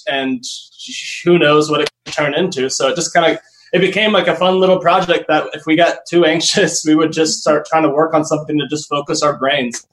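A man's voice: on the high side, fairly bright tone, echoey room, rough recording. A man guest in a casual interview, rambling and laughing often as he trails off. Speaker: guest, Las Vegas entertainer.

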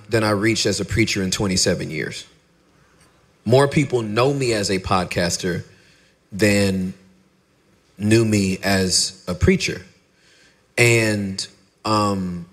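A middle-aged man, a pastor and podcaster, talking candidly in an interview and acting out his stories with lively dialogue. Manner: animated storyteller, acts out dialogue in a high voice.

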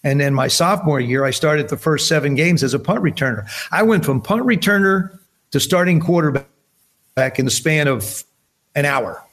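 A man in his seventies from New Jersey, with a slightly high voice and a moderate pace. He's a podcast guest swapping stories in casual conversation, animatedly acting out the voices of the people he quotes.

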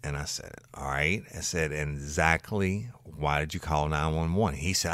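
A man, a former patrol deputy, telling a story from one of his calls in a blunt, animated way and swearing freely. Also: extremely low pitch, moderate pace, few pauses, no echo. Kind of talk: casual true-crime storytelling.

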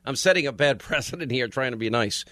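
A man's voice: mid-range voice, animated, fast, a bit bright, no room sound. A man hosting a call-in radio show, joking and folksy while giving callers advice. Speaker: radio talk show host. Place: radio studio.

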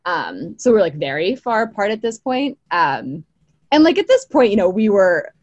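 A young woman telling a long personal story in casual chat, full of fillers and quick laughs. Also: medium pitch, sing-song, darkish tone, no room sound, lo-fi sound. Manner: chatty, many fillers, laughs easily. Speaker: podcast guest.

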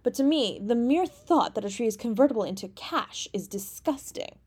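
A woman audiobook reader narrating a classic story in a measured, even way. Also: a little high, breathy edge. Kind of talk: scripted narration.

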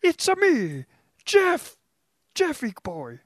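A man's voice: very high-pitched, huge pitch swings, slow pace, dry recording, studio quality, voice pushed up, heavily acted. A man voicing a cartoonish Italian man caricature with an exaggerated put-on Italian accent, in a sing-song, hammy way.

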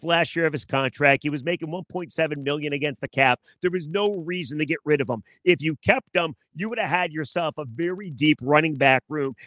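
A man's voice: fairly high pitch, fairly bright tone, no room sound. Wry male sports talk host. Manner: sarcastic, self-mocking, talks straight to listeners. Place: outdoors in his backyard.

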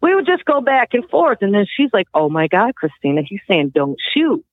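Animated woman on a tinny phone line. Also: medium pitch, a little fast, dry recording. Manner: animated, acts out voices and sounds. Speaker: interviewee. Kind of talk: recounting in an interview.

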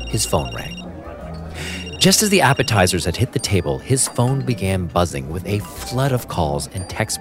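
Male podcast host, lowish voice with a very animated delivery, wry storyteller, faint music under him. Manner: lively storytelling, self-mocking humor. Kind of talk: scripted narration and casual chat.

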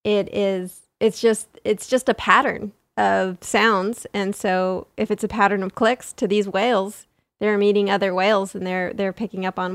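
A woman co-hosting a casual educational podcast, chatty and quick to laugh as she explains. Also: medium pitch, little pitch movement, no room sound. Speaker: podcast co-host.

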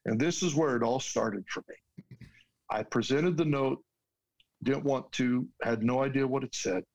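A man tells a personal story as a guest. His voice sits at an ordinary middle pitch. He speaks earnestly and from the heart, often restarting his sentences. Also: unhurried, rough recording. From United States.

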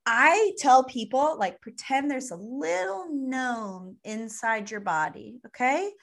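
A woman co-hosting a podcast, explaining eating habits through lively, playful analogies in a casual chat. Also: high-pitched, takes it slowly, creaky. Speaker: podcast co-host, nutrition expert.

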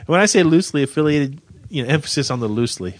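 Man, 50s, podcast co-host, even voice, dry close sound, deadpan self-mocking storyteller. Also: medium pitch, rapid-fire, no echo. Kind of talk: casual storytelling chat.

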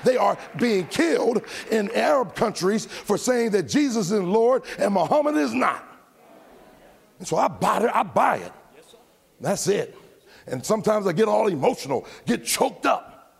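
Gravelly high-voiced preaching man. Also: big pitch swings, a little slow, big-room sound. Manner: preaching, swings from shouting to low asides. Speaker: pastor. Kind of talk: sermon. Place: church.

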